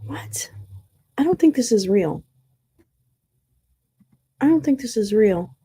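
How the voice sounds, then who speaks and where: Mellow, slow-talking woman livestreamer. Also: on the high side, lively intonation, slightly rough. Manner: rambling, swears, hums and sings to herself while searching; flustered and confused, talks to chat. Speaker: livestream host. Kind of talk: casual livestream chat.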